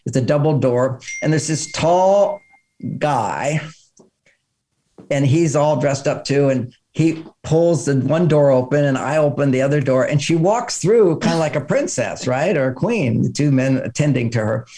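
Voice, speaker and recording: An older man talks in an interview in a slightly higher voice than most men. He tells his stories with energy and acts out the people he quotes. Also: animated, a little slow, warm tone. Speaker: author guest. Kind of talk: interview conversation.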